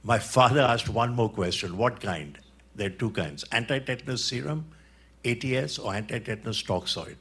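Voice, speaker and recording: A man's voice: medium pitch, brisk, a bit bright, husky. A man in his seventies from India, telling a personal story at a conference and acting out the people in it. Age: 70s. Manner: vivid storyteller, acts out quoted voices. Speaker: conference speaker. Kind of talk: storytelling talk. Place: conference hall.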